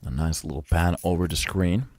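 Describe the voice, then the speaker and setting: A man giving solo play-by-play commentary on a live esports match. He chats with viewers between calls and breaks into loud, excited shouts on big plays. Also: low voice, moderate pace. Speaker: esports caster. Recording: streamed commentary with steady background noise.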